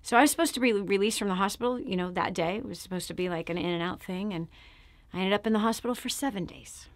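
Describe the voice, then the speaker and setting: A middle-aged woman hosting a show, giving an emphatic personal testimony straight to her viewers and sometimes dropping to a hush. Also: medium pitch, quick pace, no room sound. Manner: emphatic, addresses listener directly; drops to a hushed, near-whispered delivery. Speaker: show host.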